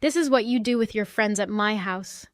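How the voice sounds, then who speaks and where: A woman voicing an angry grown son who bluntly cuts off his mother, in a smooth, dry voice. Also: mid-range voice, normal speed, dry recording, close to an everyday voice. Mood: furious. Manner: furious, blunt.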